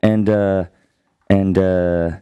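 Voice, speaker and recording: A man, hosting a casual podcast chat and telling rambling, profane stories, acting out shouts. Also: low voice, flat delivery, extremely slow, smooth, dry recording, studio quality. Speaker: podcast host.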